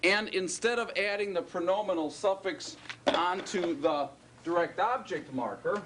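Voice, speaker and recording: In this classroom lecture on Hebrew grammar, a man speaks in a high, somewhat bright voice at an unhurried pace, over a faint hiss or hum. His manner is conversational, and he regularly checks in with students by asking "right?" and "okay?".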